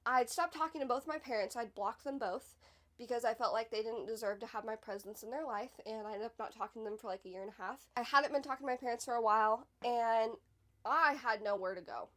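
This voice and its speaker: A young woman with a high, light voice tells a personal story in a loose, chatty vlog way. She drops "like" constantly and punches certain words with sudden loud emphasis. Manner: chatty, fills speech with "like", emphatic swings in loudness. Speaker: podcast host.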